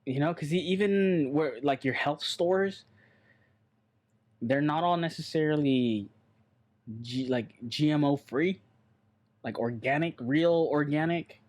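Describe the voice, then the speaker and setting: A man's voice: on the high side, slow pace, long pauses, darkish tone. A man co-hosting a casual podcast chat, rambling and blunt, swearing offhandedly. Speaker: podcast co-host.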